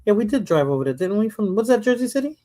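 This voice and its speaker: A woman's voice: mid-range voice, big pitch swings, fast, dark tone. A woman from the Bronx hosting a casual chat, talking loosely, laughing often and trailing off into mumbles. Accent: New York. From the Bronx, New York. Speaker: host.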